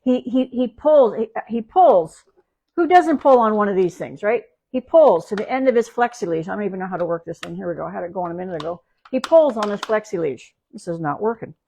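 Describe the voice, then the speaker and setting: A woman's voice: medium pitch, animated, fast, gravelly, few pauses, a little mellow, slight background noise. A woman dog trainer from Canada chats through a live stream from her home. She rambles, restarts her sentences and leans on fillers as she tells a story. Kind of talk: casual livestream talk.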